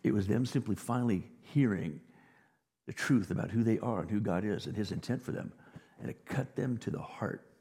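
Husky-voiced male pastor preaching in a hall. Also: lowish voice, lively intonation, moderate pace. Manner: dynamic preaching, drops to a near whisper and rises to loud emphasis. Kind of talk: sermon. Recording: long reverb of a large hall.

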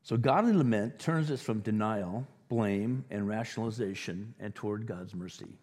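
Husky-voiced male pastor preaching in a hall. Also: fairly low pitch, normal speed, darkish tone. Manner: conversational preaching, acting out imagined voices. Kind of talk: sermon.

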